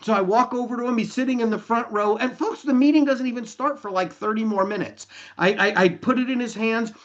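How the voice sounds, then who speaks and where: A man, a company leader, telling an animated story to an online meeting and acting out the dialogue. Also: extremely high pitch, brisk, muffled recording. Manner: energetic, enthusiastic, acts out dialogue.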